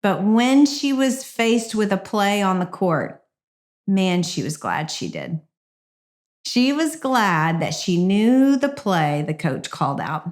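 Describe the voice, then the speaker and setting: A woman's voice: medium pitch, very animated, takes it slowly. A middle-aged woman hosting a devotional podcast, speaking in an earnest, encouraging and reflective way. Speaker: podcast host.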